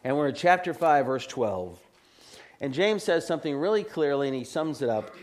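A man preaching an earnest expository sermon, reading scripture slowly and carefully. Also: a little high, big pitch swings. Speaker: pastor.

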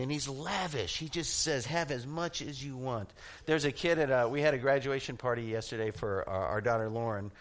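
A middle-aged man preaching a sermon, telling funny stories with animated energy and laughing at his own jokes. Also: medium pitch. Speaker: pastor.

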